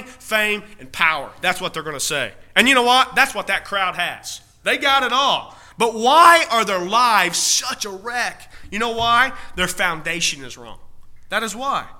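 A man preaching a sermon in a high, very bright voice. He keeps firing rhetorical questions at his listeners and repeats his key phrases, drawing out the punch words for emphasis. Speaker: pastor.

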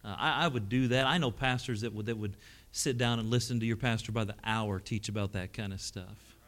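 A middle-aged male preacher with a drawl and a bright, forceful voice. He tells stories from the pulpit, rising to loud, exclaiming peaks and then dropping to hushed, heartfelt lines. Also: lowish voice, fairly even intonation, fairly quick. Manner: storytelling, swings from loud exclamations to hushed emotional tones. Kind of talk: sermon.

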